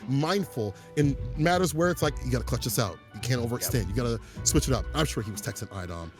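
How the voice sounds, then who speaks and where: A man doing casual esports commentary after a match, animated and playful, joking with his co-host. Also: mid-range voice, fast talker, music in the background. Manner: animated, hype, playful trash talk.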